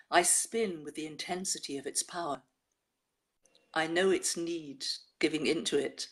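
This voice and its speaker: Low-voiced woman reading poems aloud. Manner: measured poetry reading with chatty asides. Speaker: co-presenter reading listeners' poems.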